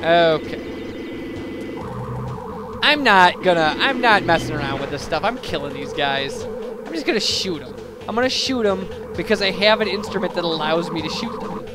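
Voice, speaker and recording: Young male let's player, rambling and self-mocking, slightly high voice, game music behind. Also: expressive, normal speed. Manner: rambling, chatty, self-deprecating, with many fillers. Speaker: let's play commentator. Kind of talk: casual gameplay commentary.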